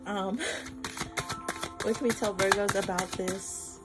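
An excitable woman reads tarot cards for her followers in an easy, chatty flow, often swearing and saying y'all. She sits at a middle pitch, and clear music plays under her voice throughout. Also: slow. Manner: effusive, swears freely, addresses viewers as y'all. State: flustered and emotional. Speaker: tarot reader. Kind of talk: casual tarot reading vlog.

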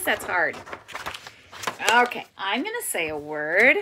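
A woman teacher leads young children through a phonics lesson. Her pitch swoops up and down with bright, sing-song lift. She speaks slowly and sounds out each word carefully, with plenty of praise. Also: big pitch swings, a little hiss or hum. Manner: encouraging, sounds out words slowly and clearly.

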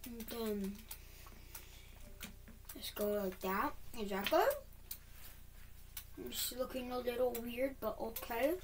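A woman talking to herself as she plays a building game, quickly frustrated and humming as she works. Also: fairly high pitch, fairly even intonation, a little hiss or hum. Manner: talks to herself, quickly frustrated, hums while working. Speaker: gaming video creator. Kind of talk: self-talk while playing a game.

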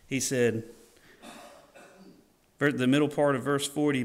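A man preaching a sermon in a church, animated and folksy, acting out scenes and joking with the congregation. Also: medium pitch, moderate pace, pauses often. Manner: animated, acts out scenes in varied voices. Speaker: pastor. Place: church sanctuary.

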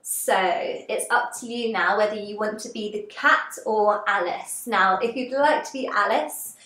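A woman leading a gentle seated movement class, giving encouraging step-by-step cues. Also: mid-range voice, unhurried. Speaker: dance and movement instructor. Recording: roomy, echoey room.

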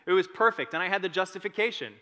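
Bright-voiced young man preaching in a hall. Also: sits high, racing. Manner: storytelling, animated, self-deprecating asides. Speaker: teaching pastor. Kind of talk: testimony sermon. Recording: long reverb of a large hall.

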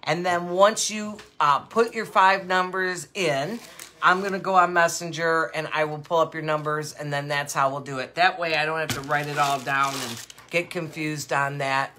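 Chatty older woman with a bright, forceful voice. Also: sits low, normal speed, slight background noise. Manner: chatty, rambling storyteller with frequent laughs; animated, with many fillers. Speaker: host of a live jewelry sale show. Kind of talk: casual chat.

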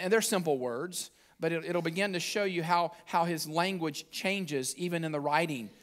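High-voiced man preaching a sermon. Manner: conversational preaching with repeated restarts. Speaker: pastor. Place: church sanctuary.

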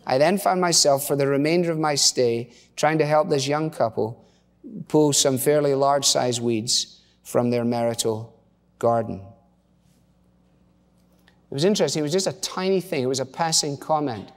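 A man's voice: mid-range voice, moderate pace. A middle-aged male pastor preaching a sermon in a conversational, storytelling way with casual asides. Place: church. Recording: long church reverb.

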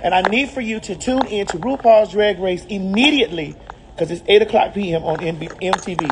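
A woman with a Southern US drawl talks straight into a handheld phone, flamboyant and full of sass, sprinkling honey and baby through her pitch. Her voice sits at an ordinary middle pitch. Plenty of street and shop noise rides along underneath. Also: a little fast. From Southern United States. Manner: flamboyant, sassy, calls viewers honey and baby. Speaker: brand ambassador and host. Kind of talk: promotional vlog. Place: out and about on city streets and in a liquor store.

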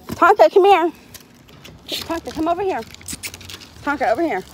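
A woman's voice: very high-pitched, expressive, normal speed, slight background noise. A woman hosting a casual livestream, talking cheerfully to her dogs and laughing often. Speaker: dog owner hosting a livestream.

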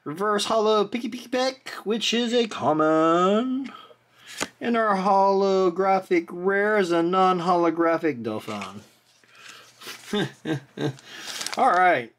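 A host excitedly opening trading card packs on camera, chatting casually, often exclaiming and apologizing, and drifting into rambling asides. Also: mid-range voice, takes it slowly, a little hiss or hum. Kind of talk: casual pack-opening commentary.

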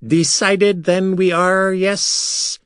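A man's voice: sits high, level tone, drawn-out words, a bit bright, clean tone, no echo, studio quality, pitched above the performer's own voice, full character voice. Hissing machine creature with a tangled, questioning way of speaking, put on by a male narrator. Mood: eager. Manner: scrambled word order, ends lines with "yes?". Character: hissing metallic insect-like machine creatures, curious.

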